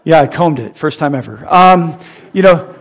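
A middle-aged male pastor preaching a sermon, animated and humorous, moving between loud emphatic stretches and hushed earnest ones. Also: a little high, normal speed, gravelly.

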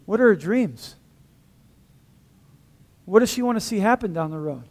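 A man preaching a sermon as pastor, in a lively, conversational way with humor, acting out dialogue in different voices. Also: high-pitched, normal speed.

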